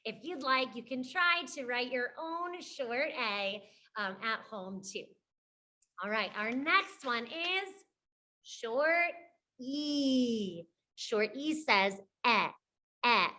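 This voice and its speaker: A woman's voice: a little high, animated, takes it slowly, bright, forceful tone. A young woman teaching a phonics lesson to young children, encouraging them and singing simple letter-sound songs. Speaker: pre-K teacher.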